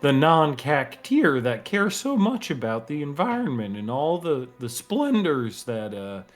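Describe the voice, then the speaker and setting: A man voicing an earnest, halting male companion who speaks warmly about nature. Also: fairly high pitch, very animated, soft background music.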